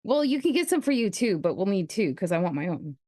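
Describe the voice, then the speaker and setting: A woman's voice: mid-range voice, very animated, fast talker, mellow, dry recording. A woman co-hosting a casual live stream, teasing and a bit bossy.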